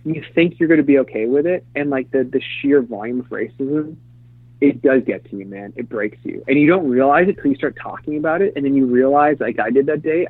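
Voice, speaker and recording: A man's voice: medium pitch, breathy edge, dry recording. A middle-aged man telling candid stories in a casual interview, rambling with many fillers and restarts. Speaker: interview guest, former publicist. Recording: dry, phone-like lo-fi sound.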